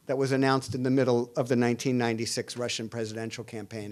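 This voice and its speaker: A middle-aged man giving a public lecture as an international relations professor, speaking in a measured way with frequent "uh" fillers and restarts. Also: medium pitch. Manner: reads quoted dialogue aloud with added emphasis. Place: lecture hall at a public forum.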